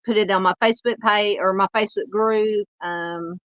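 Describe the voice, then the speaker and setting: A woman in her forties with a Southern US accent, hosting a true crime livestream and chatting loosely with viewers, halting and full of fillers. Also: mid-range voice, fairly even intonation, no echo, dull audio. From United States. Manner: rambling, halting, lots of fillers while searching the screen. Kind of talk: casual livestream chat reading comments.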